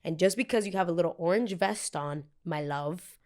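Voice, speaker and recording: A woman's voice: lowish voice, normal speed, darkish tone. A young woman in her twenties hosting a podcast, telling a heated story in a casual, profane way and acting out the people she quotes. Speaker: podcast host.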